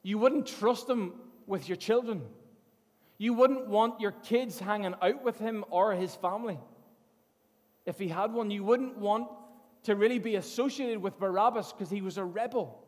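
Male preacher, high voice, earnest storytelling with frequent word repeats; long echoing hall. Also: normal speed. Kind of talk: sermon.

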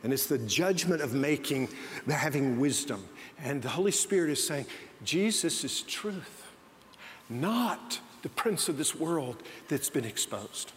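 A man's voice: a little high, lively intonation, a little slow. A man preaching a sermon as pastor, telling stories with frequent restarts. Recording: long hall reverb, faint noise.

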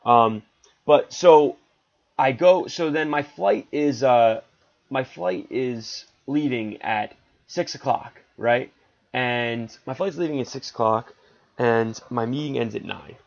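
A man's voice: medium pitch, slow pace, gravelly. Chatty rambling man telling a travel story. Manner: chatty, rambling, self-deprecating with frequent asides. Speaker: podcast host. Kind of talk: casual storytelling monologue. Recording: slightly dull lo-fi audio.

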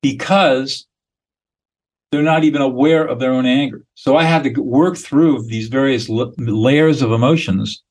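A man's voice: mid-range voice, a little slow, a little mellow, rough recording. A man speaking as a guest expert in a podcast interview, explaining in a blunt, emphatic, lecturing way with short declarative statements.

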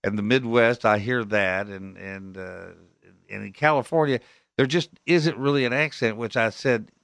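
A man's voice: medium pitch, moderate pace, creaky, fairly bright tone, no room sound. Folksy male radio talk-show host. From Texas, US. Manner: folksy, chatty, chuckling.

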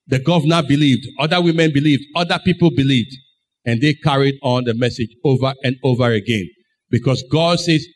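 A man's voice: medium pitch, brisk. A man preaching a sermon, telling the story dramatically and acting out the voices in it. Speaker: pastor.

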